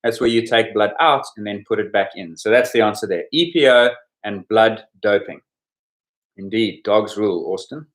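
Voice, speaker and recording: A man's voice: lowish voice, normal speed. Man hosting a chatty sports quiz. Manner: explanatory, chatty, goes over answers with asides. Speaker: podcast host running a sports quiz. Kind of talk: casual quiz commentary. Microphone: podcast microphone.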